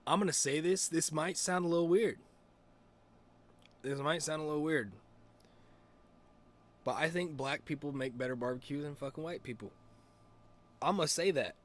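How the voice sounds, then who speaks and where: A man's voice: on the high side, normal speed, pauses often. A young man streaming and chatting casually, rambling with lots of fillers, restarts and swearing. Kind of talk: casual chat.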